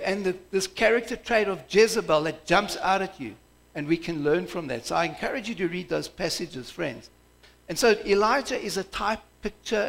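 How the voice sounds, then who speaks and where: A man's voice: high-pitched, vocal fry, fairly bright tone. A male pastor preaching a sermon from the pulpit in a conversational, aside-filled way. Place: church.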